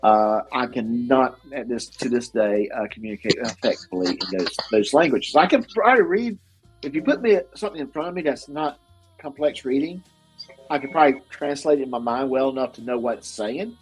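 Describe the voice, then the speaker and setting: A man's voice: mid-range voice, expressive, fairly quick, faint music behind, poor audio. A middle-aged man with a Southern accent hosting a casual podcast, rambling and laughing often at himself. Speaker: host.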